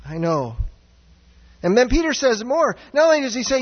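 A man preaching a sermon as pastor, earnest and searching, swinging from raised, near-shouted passages down to low, quiet ones. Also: very animated, moderate pace. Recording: dull sound with long hall reverb.

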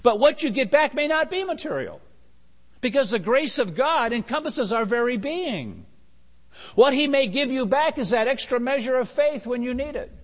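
A man's voice: very high-pitched, sing-song, moderate pace. A man preaching a sermon as pastor. He is emphatic, repeats key phrases and asks rhetorical questions. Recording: long hall reverb.

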